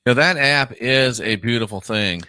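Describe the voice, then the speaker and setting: A man's voice: medium pitch, moderate pace, sharp tone, smooth, no room sound. A man interviewing a guest in a casual chat and reacting with short, enthusiastic comments.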